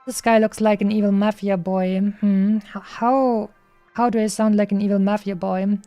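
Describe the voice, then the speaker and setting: A woman's voice: mid-range voice, flat delivery, moderate pace, lo-fi sound, faint music behind. Playful woman streamer reading game lines. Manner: playful, hesitant reading with many fillers. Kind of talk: reading game dialogue aloud on a live stream.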